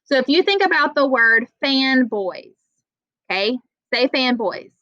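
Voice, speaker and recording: A young adult woman teaching an online writing class, patient and encouraging, reading example sentences slowly. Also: high-pitched, expressive, pushed and bright, no echo, lo-fi sound. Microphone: video call.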